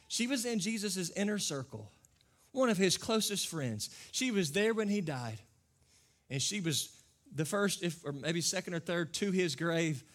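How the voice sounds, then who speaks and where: A man's voice: on the high side, fairly bright tone. A man pastor preaching a conversational sermon to his congregation. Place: church service with a congregation.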